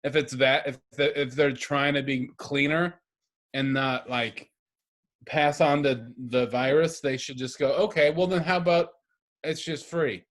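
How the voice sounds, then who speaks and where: A man's voice: medium pitch, steady tone, measured pace, fairly bright tone. A man co-hosting a podcast, talking casually and rambling with lots of restarts. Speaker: podcast co-host. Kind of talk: casual chat.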